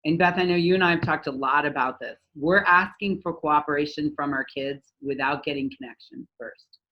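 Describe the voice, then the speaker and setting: Lively woman coach, lo-fi sound. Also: low-pitched, a little fast. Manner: lively, acts out quoted dialogue with raised voice. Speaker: parenting coach, guest. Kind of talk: conversational podcast advice.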